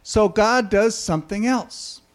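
High-voiced man preaching conversationally. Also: measured pace. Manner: conversational, asks the audience questions. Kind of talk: sermon.

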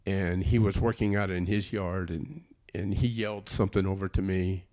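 A man's voice: sits low, steady tone, normal speed, a little mellow. A man telling a personal testimony in an earnest, plainspoken storytelling way. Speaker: speaker giving a personal testimony.

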